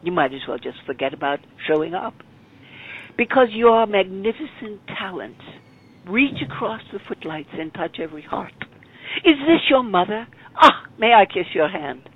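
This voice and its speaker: A woman's voice: mid-range voice, animated, moderate pace, husky. A woman voicing a stiff, formal older father with pompous mock-British formality, over a phone-like line. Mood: formal, grand. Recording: phone-like narrow sound.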